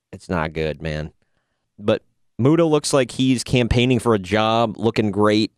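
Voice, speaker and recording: Here a podcast host chats casually through wrestling results, dropping sarcastic, joking remarks along the way. The recording is clean studio sound without room sound, and his lowish voice has a clean tone.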